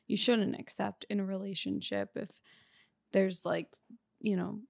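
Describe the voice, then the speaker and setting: Gravelly-voiced young woman, relaxed co-host. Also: mid-range voice, a little slow, no room sound, studio quality. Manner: laid-back, teasing, says "like" a lot. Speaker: podcast co-host. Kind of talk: casual couple podcast chat.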